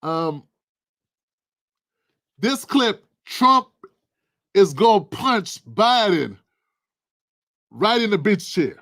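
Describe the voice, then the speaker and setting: A man's voice: sits high, sing-song, extremely slow, pauses often, a bit bright. A man hosting his own show, talking straight to his viewers in casual, slangy, emphatic political commentary. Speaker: show host.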